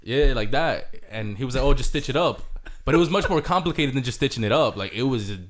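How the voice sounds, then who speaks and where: A young man rattles through stories at a quick clip on a casual podcast. His voice sits in a middle register, and he swears freely and mixes in Spanish words. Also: medium pitch, expressive. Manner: fast storytelling, swearing, drops Spanish words. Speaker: podcast co-host, EMT. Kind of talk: casual chat.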